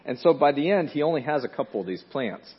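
A man preaching a sermon in a conversational way, telling a story with fillers and restarts and rising loud and high at dramatic moments. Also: lively intonation, quick pace, breathy edge. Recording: dull lo-fi recording.

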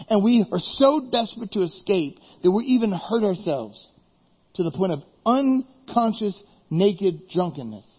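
A man preaching a sermon as pastor, telling Bible stories in a lively way and acting out the characters. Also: sits high, breathy edge, highs cut off.

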